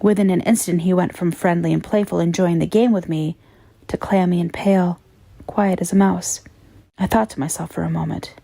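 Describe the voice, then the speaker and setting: Woman narrating horror, low mellow voice. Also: steady tone, moderate pace, creaky, no room sound. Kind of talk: scripted horror story narration.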